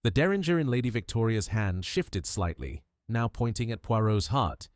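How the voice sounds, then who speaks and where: Guy narrating an old-style murder mystery, lowish voice, very dry close sound. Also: lively intonation, normal speed, no room sound. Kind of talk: scripted audiobook narration of a mystery.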